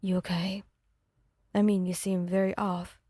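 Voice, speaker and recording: Woman doing a gentle Kirishima. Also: on the low side, little pitch movement, a little slow, slightly rough, dry recording, clean studio sound, voice pushed down. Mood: concerned. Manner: gentle, concerned. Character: gentle, caring young man. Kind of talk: ASMR fanfic reading.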